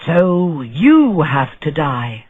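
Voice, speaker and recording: A man's voice: a little high, very animated, extremely slow, breathy edge, no echo, phone-quality sound, heavily acted. A man voicing a stern, weary male judge who hands down verdicts in a matter-of-fact way.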